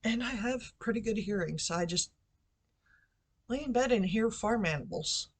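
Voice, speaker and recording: A woman with a husky, medium-pitched voice speaks expressively at a normal speed into a computer microphone, vlogging from her bedroom at home. She tells her story in a rambling, chatty way, with many fillers and asides.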